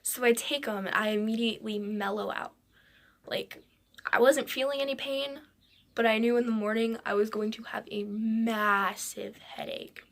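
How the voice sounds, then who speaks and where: A woman telling a personal story in a halting way, with restarts and frequent drops into a whisper. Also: a little high, steady tone.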